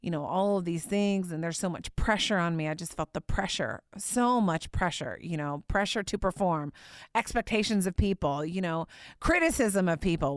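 A woman preacher telling a personal story in a sermon, candid and conversational, sometimes dropping to a hushed tone. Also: lowish voice, normal speed, clean tone, no echo, clean studio sound.

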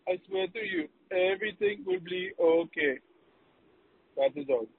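A man's voice: high voice, wildly swooping pitch, a little slow, gravelly, breathy edge, narrow, tinny audio, full character voice. A male caller putting on an Indian accent to play a reassuring, soothing man on a voicemail. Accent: Indian, put on. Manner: reassuring, then mocking. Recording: phone voicemail.

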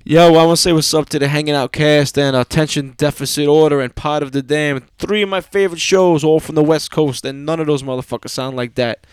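New york guy hosting a podcast, heavy accent, cursing a lot, smooth clear voice, dry sound. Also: fairly high pitch, steady tone, brisk, few pauses, dry recording. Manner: swearing, streetwise banter. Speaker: podcast host. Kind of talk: casual chat.

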